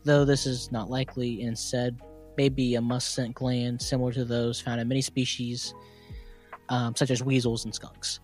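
A man's voice: mid-range voice, level tone, moderate pace, darkish tone, faint music behind. A young man with a West Virginian accent, co-hosting a podcast, chatting casually and laughing often as he reads from his notes. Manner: giggly, laughs often while reading. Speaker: podcast co-host presenting cryptid stories. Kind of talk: casual chat, reading notes aloud.

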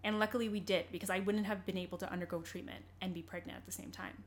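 A woman's voice: lowish voice, fairly even intonation, fast, a little hiss or hum. A young adult woman, an interview guest, telling a personal story candidly in conversation, earnest and rambling, with many fillers and restarts.

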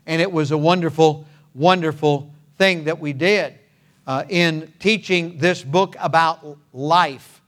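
An older male pastor delivers a sermon in an earnest, measured way. His voice sits a little high for a man, and he leans on repeated phrases and pauses. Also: steady tone, fairly bright tone.

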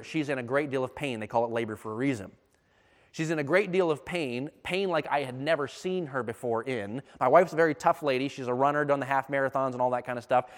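A man telling a personal story in a sermon, animated and emphatic, his intensity rising as he speaks. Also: fairly high pitch. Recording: long reverb of a hall.

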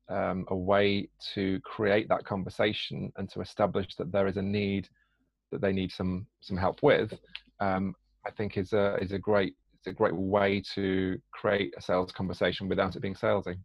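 A man's voice: sits low, creaky, dry recording. A man from Britain, a coach and podcast guest, talking in a hesitant way with many fillers and restarts, on a dull lo-fi recording. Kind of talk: conversational podcast interview. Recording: dull lo-fi dry sound.

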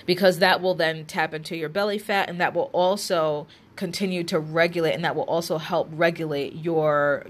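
A woman with a stuffy, congested nose giving casual health advice to her viewers, chatty and direct, with lots of fillers and restarts. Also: deep voice. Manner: direct, addresses viewers as guys and ladies. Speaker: health coach. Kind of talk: casual advice talk to camera.

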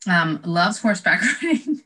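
A woman co-hosting a casual chat, enthusiastic and giggly, pausing often with "um". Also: fairly low pitch, sing-song, pushed and bright, poor audio. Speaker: podcast co-host.

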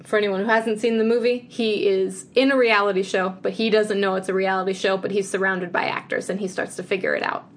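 A woman's voice: mid-range voice, flat delivery, a little fast, few pauses, a little hiss or hum. A woman co-hosting a casual chat podcast, playful and chatty as she runs a game segment. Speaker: podcast co-host.

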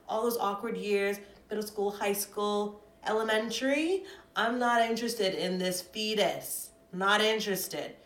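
Young woman doing a solo podcast at home, sassy and dramatic, mid voice, kinda echoey. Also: mid-range voice. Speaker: podcast host. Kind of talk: solo chatty podcast rant. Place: apartment at home. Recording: roomy echo.

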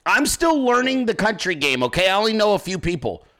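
Excitable, profane man with a bright voice. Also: high-pitched, brisk. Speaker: podcast host. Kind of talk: casual chat.

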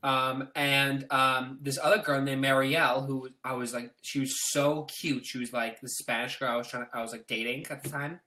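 A man's voice: medium pitch, little pitch movement, normal speed, few pauses, pushed and bright. A man chatting as a podcast guest, telling rambling stories that are full of restarts and laughter. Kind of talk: casual chat.

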